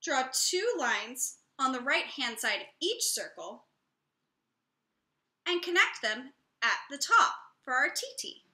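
A woman music teacher giving a slow, clear, encouraging lesson to young children. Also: high-pitched, very animated, sharp tone, echoey room.

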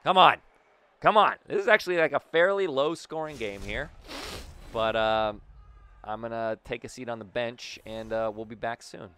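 A young man giving excited, goofy commentary as he plays a hockey video game, yelling at big plays and muttering when things get tense. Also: medium pitch, clear, resonant tone. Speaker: gaming YouTuber.

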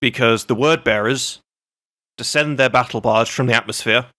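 Bright-voiced man hosting a podcast. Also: mid-range voice, moderate pace. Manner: swears freely and tells anecdotes. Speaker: podcast host. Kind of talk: casual chat.

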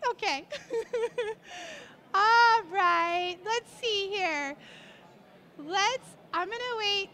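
A woman photographer with a very high, bright voice, teaching on a show stage while she shoots a baby's portrait. She talks slowly, swinging between cooing baby talk and encouraging directions to the family. She sounds middle-aged. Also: lively intonation. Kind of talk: live demo on a stage.

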